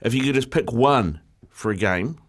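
New man, radio host, mid-pitched voice, brisk link reads. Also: lively intonation. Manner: brisk, steers the conversation. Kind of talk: hosting radio banter and reading texts.

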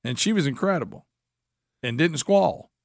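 A man's voice: fairly high pitch, expressive, moderate pace, gravelly, no echo, studio quality. A man, ranting bluntly and folksily as co-host of a casual talk show. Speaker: radio co-host. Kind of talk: opinionated casual chat.

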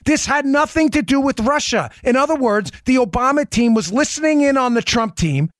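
A man hosts a political commentary show, pressing his points with emphatic rhetorical questions and checking in with his co-host. His voice sits fairly high for a man. The sound is dry and close, with no room echo. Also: animated, a little fast. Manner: talks to his co-host by name. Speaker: podcast host.

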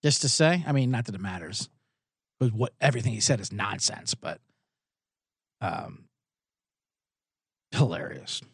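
A man's voice: lowish voice, lively intonation, measured pace, creaky, long pauses, slightly rough, no echo, studio quality. A man hosting a sports betting podcast, ranting sarcastically with plenty of profanity. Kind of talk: comedic sports rant.

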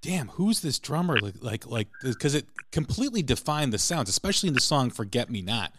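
A male podcast host asking rambling questions with the excitement of a fan. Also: medium pitch, brisk, slight background noise. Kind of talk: casual interview chat.

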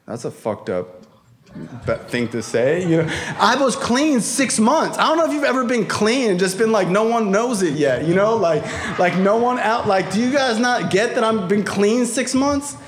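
A man's voice: high-pitched, sing-song, moderate pace, a little hiss or hum. A man telling a personal recovery story to a live audience, in a casual, profane, slangy way with frequent fillers. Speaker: speaker sharing a recovery story.

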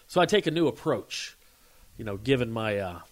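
A man in his forties, co-hosting a podcast, telling a story in a casual, animated way and acting out the shouts. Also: medium pitch, normal speed. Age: 40s. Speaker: podcast co-host.

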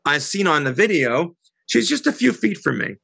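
A middle-aged woman as an interview guest, telling a heated story in an animated, indignant way. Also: lowish voice, normal speed, gravelly, breathy edge, no echo. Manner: animated, indignant, quotes others.

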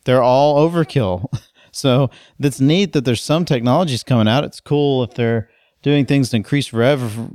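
A man's voice: mid-range voice, a little mellow, smooth, no echo, studio quality. A man co-hosting a casual talk show, joking and blunt. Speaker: podcast co-host. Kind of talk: casual chat.

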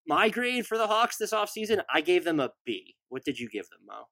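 A man's voice: high voice, sing-song, a little fast, pushed and bright, dry recording. A man co-hosting a casual sports podcast, reeling off roster lists and offhand asides. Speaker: podcast co-host.

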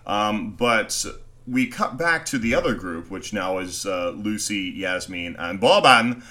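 A lower-pitched man with a bright, forceful edge to his voice, talking through a film in casual podcast chat. He swears freely and keeps jumping into animated impressions of the characters and the filmmakers, tumbling from one point to the next. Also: a little slow. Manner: animated, profane, acts out scenes in quoted voices. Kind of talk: casual movie review chat.

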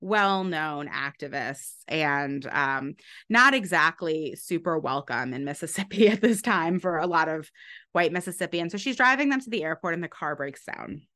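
Woman author talking through her research, lowish voice, lots of ums and restarts. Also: expressive, moderate pace, bright, forceful tone. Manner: thoughtful, many fillers and restarts. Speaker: author and historian being interviewed. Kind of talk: academic interview answer.

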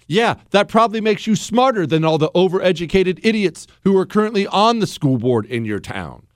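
A man's voice: sits high, sing-song, a little fast, no room sound, clean studio sound. A man hosting a talk radio show, blunt and emphatic, repeating his lines for punch. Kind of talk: opinionated talk radio monologue.

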